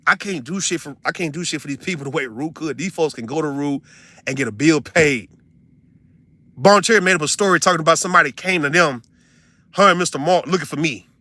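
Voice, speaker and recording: Young man, heated profane streamer rant, high bright voice, dry close sound. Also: fairly quick, no room sound. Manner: profane, repetitive, incredulous, swings between loud and muttered. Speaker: livestreamer venting to his audience.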